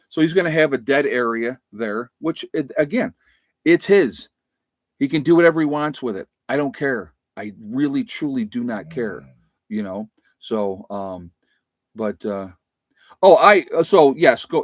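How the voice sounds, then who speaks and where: A man's voice: medium pitch, no room sound. A man hosting a live stream, talking casually and rambling with lots of fillers and restarts. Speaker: livestream host.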